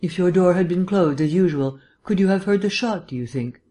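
A reader voicing a suave gentleman detective. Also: mid-range voice, a little fast, pitched above the performer's own voice, lightly acted. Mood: probing. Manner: lecturing, polished and lightly teasing. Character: urbane, erudite male gentleman detective. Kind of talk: audiobook reading.

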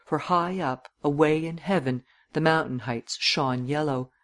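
A man narrating a literary audiobook in a measured, descriptive reading. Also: a little high, a bit bright.

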